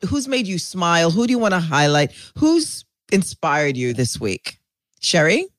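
A woman's voice: on the low side, sing-song, measured pace, no echo. A woman hosting a podcast in casual chat, playful and gushing, laughing often. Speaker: podcast host.

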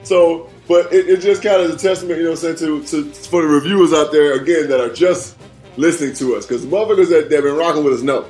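A man's voice: on the high side, fast talker, darkish tone. A man with a slightly raised voice co-hosts a casual sports podcast. He talks loose and profane, looping back on "you know what I'm saying." Faint music sits underneath. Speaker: podcast co-host.

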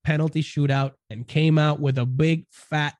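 An upbeat man co-hosting a podcast, who trips over and repeats his words as he chats about sports. His voice sits a bit high for a man, and the sound is dry and close. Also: fairly even intonation, moderate pace, darkish tone, dry recording. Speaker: podcast co-host. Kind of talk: casual chat.

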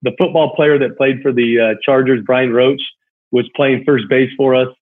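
A husky man tells a heartfelt story from his childhood, rambling and full of fillers. His voice comes through a thin, tinny phone line. He sounds like a former ballplayer chatting with a friend. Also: medium pitch, fairly even intonation, moderate pace. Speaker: guest, former big-league pitcher. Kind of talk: casual storytelling chat.

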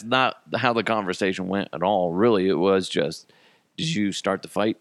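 Deep, gravelly man telling a story. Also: moderate pace, dry recording, studio quality. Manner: profane, animated, laughs at his own jokes. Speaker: podcast host. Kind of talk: casual storytelling.

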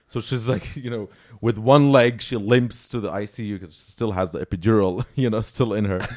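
A man's voice: fairly low pitch, fairly even intonation, fairly quick, darkish tone. A young man, a podcast host, telling a long story in casual chat, packed with "like" and "you know".

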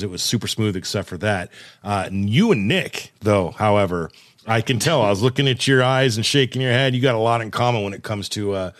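Chatty podcast host, dry close sound. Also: male voice, mid-range voice, fairly bright tone, no room sound. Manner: easygoing, chatty, laughs along. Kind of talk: casual chat.

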